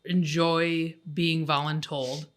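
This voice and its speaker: A podcast host chats with a guest in a bright, sharp tone. The talk is loose and joking, with laughter breaking into the stories. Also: medium pitch, little pitch movement, slow. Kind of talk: casual chat.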